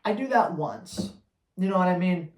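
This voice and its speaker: A man who trains dogs, answering viewer questions on a live Q&A in a blunt, energetic, slangy way. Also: high voice, normal speed, echoey room. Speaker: dog trainer.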